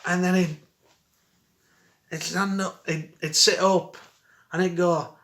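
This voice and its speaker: A man's voice: high-pitched, fairly even intonation, slow, fairly bright tone. A middle-aged man telling a rambling, chuckling story in dialect for his vlog. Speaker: vlogger. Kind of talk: casual storytelling. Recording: roomy echo.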